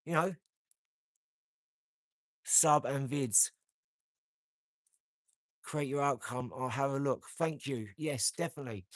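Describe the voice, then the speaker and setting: A man hosts a casual motivational livestream, hammering home emphatic, repeated phrases. His medium-pitched voice moves a little slowly with long pauses, and there's no room sound.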